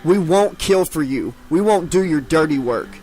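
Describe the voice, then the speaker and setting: A man's voice: a little high, lively intonation, moderate pace, darkish tone, soft background music, close to an everyday voice, low-quality recording. A man voicing an angry, defiant teenage boy who snarls his words in a storybook reading.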